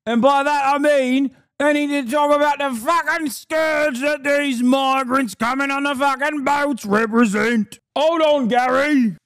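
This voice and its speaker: A man voicing an angry middle-aged British man who shouts and swears as he rants. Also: extremely high pitch, no echo, clean studio sound, pitched above the performer's own voice. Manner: shouting, swearing, repeating a name.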